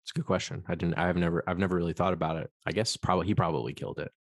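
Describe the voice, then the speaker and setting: Guy with a really low voice rambling about a movie on a podcast, swears a lot, dry close mic. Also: steady tone, rapid-fire, no echo. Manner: loose and rambling, swears, acts out quotes. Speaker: podcast co-host. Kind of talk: casual film discussion.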